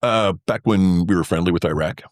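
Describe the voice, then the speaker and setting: Deep-voiced man, interview guest, rambling and wry, dry close sound. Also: brisk, no echo. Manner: rambling, filler-heavy, wry with laughs. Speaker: interview guest, former pilot. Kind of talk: casual storytelling interview.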